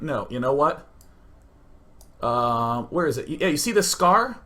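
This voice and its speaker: A man hosting a gaming stream, telling a comic story in an animated, self-mocking way with loud outbursts. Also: a little high, normal speed. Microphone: streaming setup facing a webcam.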